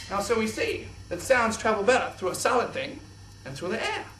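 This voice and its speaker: A young man presenting a kids' science show in an exaggerated, excitable host voice. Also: high-pitched, a little hiss or hum. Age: young adult. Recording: echoey room, distant mic.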